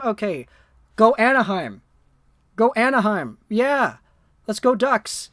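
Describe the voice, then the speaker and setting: A woman hosting a livestream, giving excitable live reaction commentary and talking to viewers in the chat, swinging from low muttering to shouted disbelief. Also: a little slow, no echo, clean studio sound. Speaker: livestream host.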